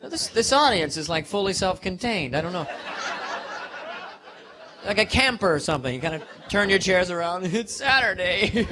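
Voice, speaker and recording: A man's voice: sits high, background noise. A man doing a live stand-up set in a comedy club, rambling playfully and teasing the audience.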